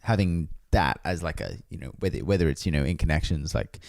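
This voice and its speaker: Deep-voiced young man rambling casually. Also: vocal fry, a little mellow, no room sound, clean studio sound. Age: young adult. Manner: rambling, hesitant, many restarts, quick laughs. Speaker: podcast co-host. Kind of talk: casual chat.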